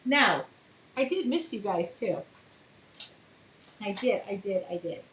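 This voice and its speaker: A woman's voice: mid-range voice, big pitch swings, takes it slowly, a bit bright, a little hiss or hum, rough recording. A woman hosting a casual live painting demo, chatting with viewers by name and apologizing for small slips as she works. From Michigan.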